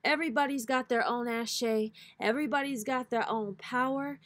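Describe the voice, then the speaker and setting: A woman's voice: fairly high pitch, normal speed, hardly any pauses, a bit bright. A woman giving a casual spiritual pep talk to her viewers, blunt and profane, with a preacher-like cadence. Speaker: spiritual reader and host.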